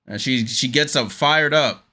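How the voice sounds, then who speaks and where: In an unhurried, mid-range voice, a man hosts an easygoing fan watchalong and calls the game play by play. Fillers come often, and his energy spikes suddenly on the big plays.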